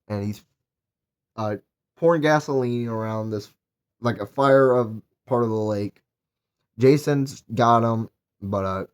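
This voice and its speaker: A young man talks through a horror movie in a loose, casual recap. He rambles, restarts and piles on fillers. He sounds eager when he praises it. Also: mid-range voice. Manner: rambling, filler-heavy, enthusiastic. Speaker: movie reviewer.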